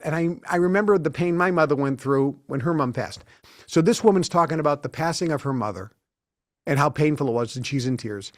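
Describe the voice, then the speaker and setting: With a voice a little on the high side and no room sound, a man in his sixties sits as a studio interview guest. He leans anecdotal, telling long tales and acting out what people said.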